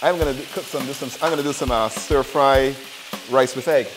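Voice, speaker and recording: A man's voice: mid-range voice, steady tone, fairly quick, over music, rough recording. A man who is a chef and co-host, chatting eagerly in a studio kitchen, often stumbling and restarting his sentences. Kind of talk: casual cooking chat.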